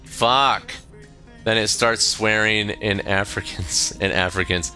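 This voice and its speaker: A man's voice: on the low side, steady tone, measured pace, sharp tone, soft background music. An American man in his thirties, chatting on a stream, rambling with lots of fillers and swearing freely. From United States. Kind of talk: casual stream chat.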